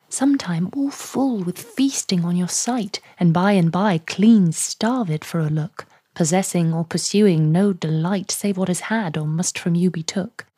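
A woman with a received pronunciation British accent, reading sonnets aloud in a measured, soft manner that lingers on lines. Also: on the low side, breathy edge, no room sound, clean studio sound. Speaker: podcast host. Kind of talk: poetry reading.

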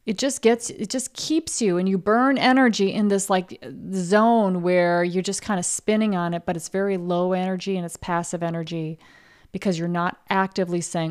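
A woman's voice: fairly low pitch, fairly even intonation, moderate pace, clear, resonant tone. A woman hosting a casual motivational talk for artists, blunt and frank, swearing freely and acting out the doubting voice in her listeners' heads. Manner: acts out her listeners' inner voice. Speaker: podcast host and coach for artists.

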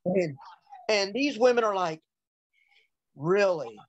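A man telling joking stories in a dry, deadpan way. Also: high-pitched, slow, dull audio, slight background noise. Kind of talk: casual storytelling chat.

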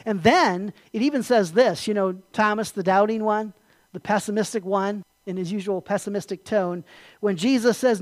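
A pastor preaching a sermon, asking rhetorical questions and swinging between hushed and loud delivery. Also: medium pitch, moderate pace, dry recording.

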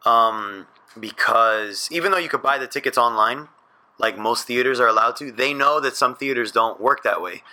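A man's voice: mid-range voice, moderate pace, pushed and bright. A man co-hosting a podcast, talking in a laid-back, rambling way and swearing now and then. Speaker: podcast co-host. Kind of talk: casual chat.

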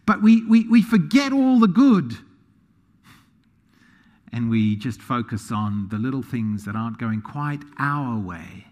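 A man preaching a sermon, animated, swinging between quiet asides and loud emphasis. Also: sits high, moderate pace, in a large hall. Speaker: pastor.

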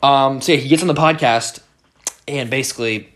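A man's voice: mid-range voice, brisk, fairly bright tone. Rambling, cursing young American man. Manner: rambling, swears often, many fillers and restarts. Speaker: podcast host. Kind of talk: casual solo podcast monologue.

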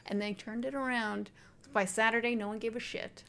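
A woman's voice: fairly high pitch, fairly even intonation, brisk, vocal fry, fairly bright tone. A young woman co-hosting a podcast in casual chat, gushing, swearing and trailing off with "like". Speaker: podcast co-host.

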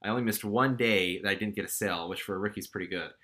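A young man speaks in a casual storytelling way, candid and self-deprecating, and his voice turns animated as he goes. His tone is bright and forceful, sitting a little low in pitch. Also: fast talker. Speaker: storyteller recounting his career.

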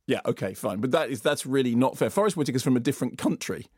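A man reviewing films on a radio show, telling the plot in an animated, wandering way from a studio microphone. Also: mid-range voice, fast talker, breathy edge, no echo. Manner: animated, tangential, slips into comic voices. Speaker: film critic. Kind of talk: radio film review chat.

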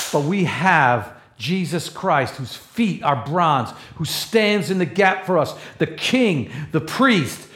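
A man preaching a sermon, rising to loud, passionate peaks and then dropping to soft, low asides. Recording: echoey room.

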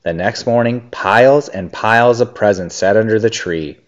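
A man reading a children's story aloud and chatting with his child, a gentle, animated storyteller. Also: on the low side, moderate pace. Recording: dull lo-fi recording.

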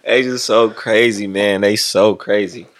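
A man's voice: fairly low pitch, steady tone, measured pace, a bit bright. A young man hosting a podcast in a studio, chatting loosely in slang with plenty of swearing. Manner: loose slangy banter with profanity. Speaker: podcast host. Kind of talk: casual podcast chat.

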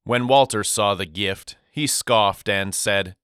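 Slow, clear male storyteller. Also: lowish voice, fairly bright tone, no echo, clean studio sound. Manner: measured, reflective storytelling. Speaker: audiobook narrator. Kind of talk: scripted narration.

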